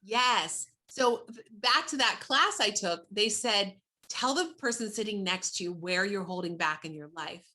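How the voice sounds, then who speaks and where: An American woman shares her personal story as an interview guest, her medium-pitched voice bright and clear. She speaks at a measured pace with few pauses, animated and heartfelt, often breaking off to restart sentences.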